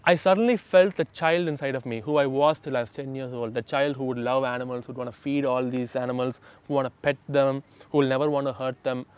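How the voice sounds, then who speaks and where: A man's voice: medium pitch, fast, hardly any pauses, clean tone, dry recording. A young man telling a personal story in a casual, emphatic way, often acting out the voices of others. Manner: animated, emphatic, acts out quoted voices. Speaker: vlogger telling his story.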